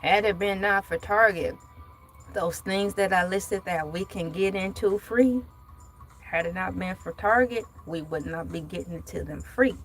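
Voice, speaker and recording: A woman's voice: medium pitch, a little slow, soft background music, poor audio. A woman hosting a casual vlog, reading news aloud and breaking off for playful, joking asides. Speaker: vlog host.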